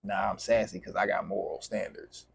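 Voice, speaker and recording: A man's voice: on the low side, fairly even intonation, normal speed, gravelly, slight background noise. A man vlogging to camera, venting in a heated, profane, repetitive way.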